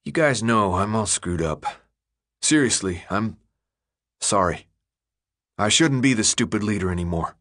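A man voicing a gloomy teenage boy leader who mutters in a low, resigned way. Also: animated, unhurried, pauses often, a bit bright.

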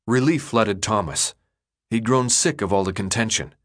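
A man reading an audiobook in scripted narration with a steady, even delivery. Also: fairly low pitch, normal speed.

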